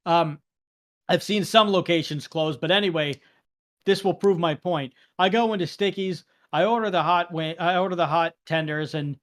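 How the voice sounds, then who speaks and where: A young adult man, co-hosting a podcast in casual chat, acting out the exchanges he tells with lively feeling. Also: high voice, moderate pace. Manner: animated storytelling, acts out quoted exchanges. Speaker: podcast co-host.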